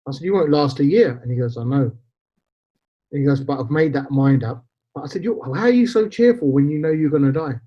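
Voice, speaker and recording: A middle-aged man, a podcast guest, telling stories in an animated, chatty way. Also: mid-range voice, fairly quick. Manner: storytelling, animated. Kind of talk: casual interview chat. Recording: dull lo-fi sound.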